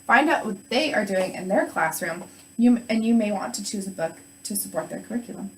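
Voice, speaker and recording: A woman school librarian giving tips on reading aloud, upbeat and expressive. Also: medium pitch, fairly quick, poor audio. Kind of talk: instructional chat.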